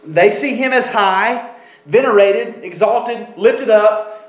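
A man's voice: high voice, takes it slowly, echoey room, poor audio. A man preaching a sermon as pastor, explaining a passage in an emphatic way and often restarting his phrases.

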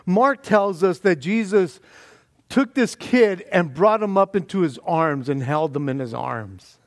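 A pastor preaching a sermon, animated and conversational, with frequent restarts and chuckles. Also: male voice, high-pitched, measured pace, no room sound, clean studio sound. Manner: animated, stumbling restarts, laughs often.

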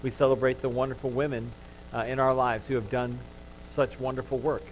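A male pastor delivers a sermon to his church in a middle-pitched voice. He tells his stories with animated energy and turns gentle when he comforts. A faint hum sits under the recording. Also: brisk, low-quality recording.

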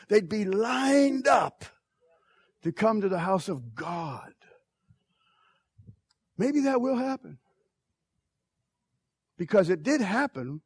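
A middle-aged man, a pastor telling a personal story in a sermon, swinging from loud bursts to quiet asides. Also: high voice, husky, no room sound.

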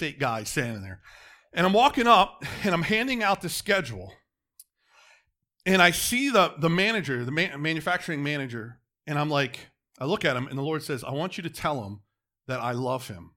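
A man preaching a sermon, telling a story with dramatic swings from loud to hushed. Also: fairly high pitch.

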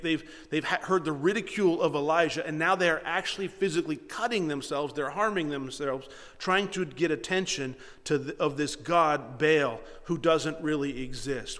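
Preacher guy, kinda high voice, big echoey church hall, gets loud and animated then drops quiet. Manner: animated, shifts between loud mocking and quiet reading. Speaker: pastor. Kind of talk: sermon.

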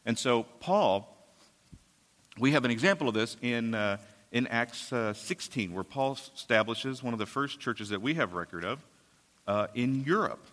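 A man preaching in a church hall, his voice carrying a long reverb around him. He retells a scripture story casually, paraphrasing as he goes, at an ordinary middle pitch. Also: expressive, moderate pace, fairly bright tone. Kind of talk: sermon.

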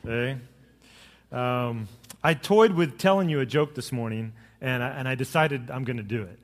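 A middle-aged man, a pastor, giving a sermon with jokes and storytelling that rise to lively emphasis. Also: medium pitch, normal speed, in a large hall.

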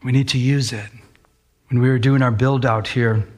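A middle-aged man preaching from the pulpit in a lively storytelling way. He acts out the voices of the people in his stories and slows down to read scripture. His voice sits at a middle pitch. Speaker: pastor. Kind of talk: sermon with storytelling.

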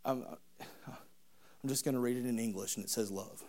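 A man preaching a sermon, telling the story in an animated, humorous, conversational way. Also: mid-range voice, normal speed, slight background noise.

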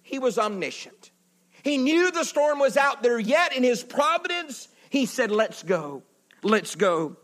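A man with a strikingly high voice preaches a sermon in a church. He swings between loud, emphatic lines and near-whispers, then drops into folksy, chatty asides with the congregation. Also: animated, a little slow. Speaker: pastor. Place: church building.

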